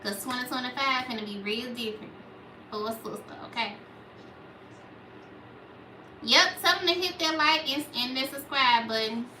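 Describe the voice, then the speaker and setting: Young Memphis woman, Southern accent, small, very bright and ringing voice, casual livestream chatter heard a little off-mic in an echoey room. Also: high-pitched, fairly quick, far from the mic, slight background noise. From Memphis, Tennessee. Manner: chatty, reads out viewer comments. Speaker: livestream host. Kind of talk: casual livestream chat with viewers.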